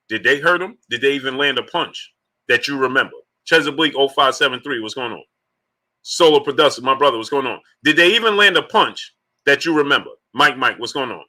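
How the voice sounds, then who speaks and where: Guy hosting a sports live stream, bright tense voice, repeats himself hard to make a point, shouting out chat between. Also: medium pitch. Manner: animated, rhetorical, repeats points emphatically. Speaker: host of a live-streamed sports talk show.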